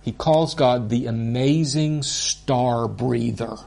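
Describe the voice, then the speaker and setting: A man teaching a Bible course in an earnest, deliberate way, openly moved by what he teaches. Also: medium pitch, creaky, a little mellow.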